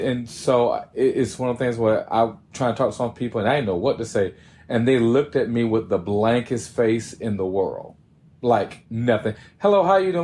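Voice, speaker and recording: A man's voice: medium pitch, darkish tone. A man co-hosting a podcast in a casual chat, laid-back and laughing as he gives advice. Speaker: podcast co-host.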